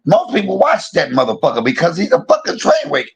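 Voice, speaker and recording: A man's voice: sits high, huge pitch swings, brisk, gravelly, husky. A man on his own livestream, delivering a heated, profane and confrontational rant that circles back on itself and repeats points. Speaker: live streamer.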